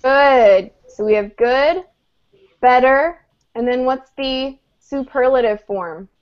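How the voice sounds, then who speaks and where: A woman gives an online English lesson at an unhurried pace, her voice a touch high. She explains each rule patiently and keeps asking her students if they follow. The sound is muffled, like audio from a video call. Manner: patient explaining, checks understanding with "okay?". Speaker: English teacher.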